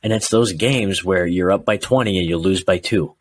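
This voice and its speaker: A man with a fairly low voice talks football with a co-host in a relaxed podcast chat. He gets animated and slips into mock voices of frustrated fans. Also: moderate pace, husky, dry recording. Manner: animated, acts out fans' rants in quoted voices. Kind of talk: casual sports chat.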